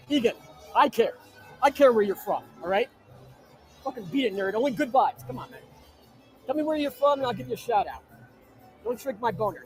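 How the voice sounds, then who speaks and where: High-voiced brash man hosting a live stream. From New Jersey. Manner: brash, crude joking shout-outs. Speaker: livestream host. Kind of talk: live-stream chat reading viewer comments. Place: inside an arena.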